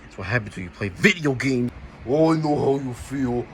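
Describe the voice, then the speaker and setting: A young man hosting a homemade challenge show, explaining things in a rushed, chatty way. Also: mid-range voice, animated, faint music behind. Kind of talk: casual comic hosting.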